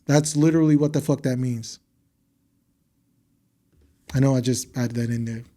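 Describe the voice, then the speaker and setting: A man's voice: mid-range voice, steady tone, normal speed, mellow. A young man hosting a podcast, speaking in a blunt, heated and profane monologue with emphatic repetition. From United States. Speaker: podcast host.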